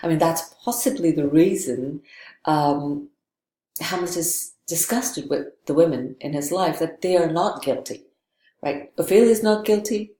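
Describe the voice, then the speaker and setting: A woman's voice: deep voice, unhurried, dark tone, reverberant, a little hiss or hum. A woman giving a literature lecture, thoughtful and digressive, often checking in with "right?". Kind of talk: recorded lecture.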